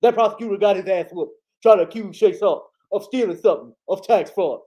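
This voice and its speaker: A man doing an impression of a boastful male sports pundit, loudly repeating his co-host's name. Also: sits high, fairly quick, lightly acted.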